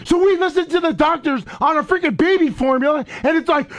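High-voiced man ranting angrily. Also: expressive, brisk, hardly any pauses. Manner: aggravated, ranting, swearing; repeats filler words. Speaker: radio show co-host. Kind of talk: heated on-air rant.

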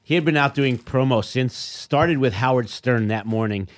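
A man at medium pitch tells a casual, loose story and slips into the voices of the people in it. His delivery is relaxed and conversational, full of filler words. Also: normal speed. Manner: loose storyteller, acts out the dialogue in his stories. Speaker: guest musician. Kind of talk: casual anecdote telling.

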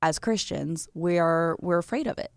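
A woman's voice: on the low side, creaky, no room sound. Chatty woman co-host, emphatic. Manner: chatty, emphatic, quick to agree and laugh. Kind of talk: casual chat.

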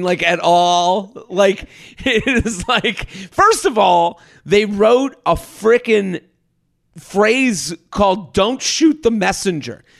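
A man's voice: high voice, gravelly. A man telling stories in an exaggerated, laughing way as a comedian hosting a casual podcast chat. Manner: storytelling, exaggerated, laughing often.

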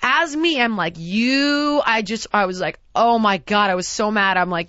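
A woman hosting a casual chat, telling a story in an animated, exasperated way and acting out what people said. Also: medium pitch, moderate pace, hardly any pauses, dry recording, highs cut off. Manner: animated, exasperated, acts out quotes. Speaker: podcast host.

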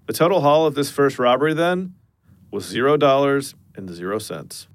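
A man narrating a true-crime podcast story in a measured, scripted way with dry understatement. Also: mid-range voice, no echo.

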